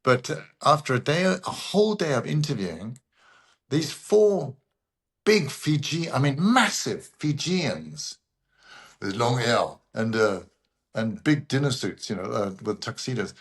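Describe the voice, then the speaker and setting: A man at mid pitch tells stories to podcast hosts. He is an animated raconteur who acts out the people he describes. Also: a little slow. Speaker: guest voice actor. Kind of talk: anecdotal interview storytelling.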